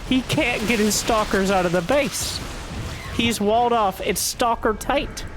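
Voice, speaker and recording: Man, solo game caster, excitable, jokey, slightly high voice, music behind. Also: a little slow. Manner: excitable, joking, bursts into high exclamations. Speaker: esports caster. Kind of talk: solo play-by-play commentary.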